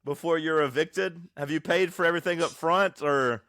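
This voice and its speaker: A man co-hosting a podcast, who teases his co-host in a blunt, deadpan way. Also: on the high side, normal speed, no echo, clean studio sound. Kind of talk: casual chat.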